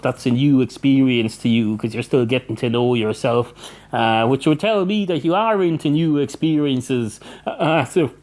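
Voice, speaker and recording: A man's voice: medium pitch, darkish tone, natural voice. Brief: man doing a fussy barman, rambling and over-explaining, comic tale. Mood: persuasive. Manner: long-winded, reasoning aloud. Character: rambling, pedantic male barman.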